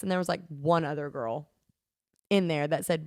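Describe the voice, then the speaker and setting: A woman's voice: deep voice, steady tone, fairly quick, dry recording, studio quality. A woman from the American South with a Southern accent, chatting casually as a podcast co-host and laughing often, recorded on a phone at home. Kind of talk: casual chat.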